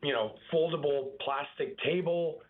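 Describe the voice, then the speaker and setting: A man's voice: on the high side, a little slow. Young man chatting over a tinny line. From Boston area. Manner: relaxed, chatty, lots of fillers and restarts. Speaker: baseball pitcher, guest. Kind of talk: casual interview on a phone line.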